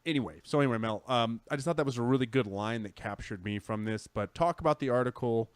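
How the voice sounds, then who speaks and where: Brief: man, mid pitch, dry close sound, rambling podcast co-host. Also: quick pace, clean tone, no room sound. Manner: rambling, self-correcting, enthusiastic. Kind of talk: casual chat.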